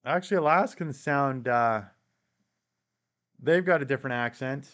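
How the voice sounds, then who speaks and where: Hosting an easygoing live stream, a Canadian-accented man reads out viewer comments and answers them, often chuckling. His voice is mid-range and fairly bright, delivered at a normal speed.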